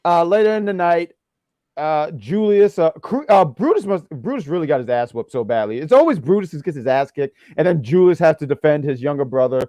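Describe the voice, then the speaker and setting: A man's voice: on the high side, lively intonation, fairly quick, mellow, dry recording. A man hosting a casual wrestling review show, teasing his co-host playfully. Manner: playful teasing, lots of fillers. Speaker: podcast host.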